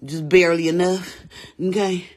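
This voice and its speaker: A woman playing a brash, sassy woman fussing over her lashes in a comedy skit, talking loud and defensive with a husky voice. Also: on the low side, fairly even intonation, moderate pace, natural voice. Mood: excited.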